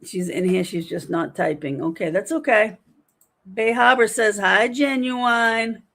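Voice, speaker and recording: A woman's voice: lowish voice, expressive, normal speed, gravelly, husky. A woman in her fifties hosting a casual livestream from home, chatting animatedly and reading viewer comments aloud. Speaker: livestream host.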